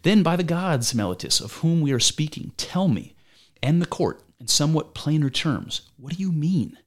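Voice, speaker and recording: Older male philosopher on trial, man reading, argumentative and probing, mid-pitched, amateur read. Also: lively intonation, normal speed, natural voice. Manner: argumentative, probing rhetorical questions. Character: aging male philosopher defending himself in court.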